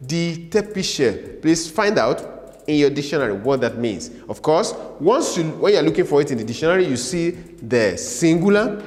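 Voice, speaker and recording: A man teaching a language lesson, repeating each word slowly and asking listeners to say it after him. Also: on the high side, big pitch swings, a little mellow, in a large hall. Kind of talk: slow classroom lesson with repetition drills.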